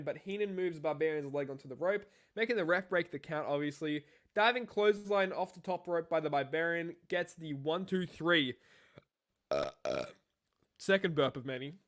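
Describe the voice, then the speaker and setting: A man's voice: fairly high pitch, a bit bright. A young man co-hosting a wrestling review podcast, rambling and swearing in casual chat. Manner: profane, rambling, jokey. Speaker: podcast co-host.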